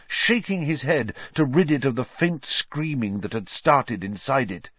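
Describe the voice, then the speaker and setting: Male narrator, slow dramatic storybook reading, lively pitch, dry muffled sound. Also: slightly rough, no room sound. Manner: slow, tense, expressive reading. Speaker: audiobook reader.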